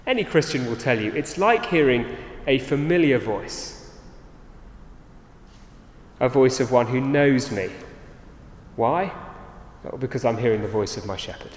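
A man's voice: medium pitch, lively intonation, a little slow, long pauses. A man preaching a sermon, earnest, often restarting his sentences. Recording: roomy hall reverb.

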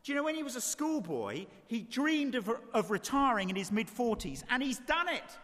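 A man preaching a sermon, telling the story with lively energy and acting out the voices of its characters. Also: very high voice, normal speed, in a large hall.

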